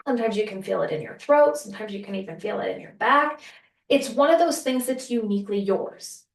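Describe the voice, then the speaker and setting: A woman's voice: mid-range voice, expressive, a little fast, vocal fry, roomy sound, distant mic. A woman hosting a solo podcast, telling a story in a casual, earnest way and acting out what people said. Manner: earnest, conversational, acts out quotes. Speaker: podcast host.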